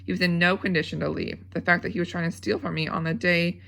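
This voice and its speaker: A cold, scheming camp warden who answers curtly and defensively, as a woman reading aloud plays her. Her voice is a bit gravelly. It is heard in a storybook reading. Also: fairly low pitch, fairly even intonation, quick pace, fairly bright tone.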